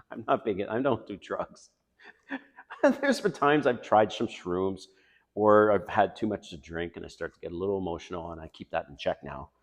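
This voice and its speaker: A middle-aged man talks straight into the camera in a blunt, confessional way, pushing hard on some phrases and dropping to near whispers on others. His voice sits very low, and a long reverb trails behind it in the room. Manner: blunt, confessional, swings between loud emphasis and quiet asides. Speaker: dating advice vlogger. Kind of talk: casual monologue to camera.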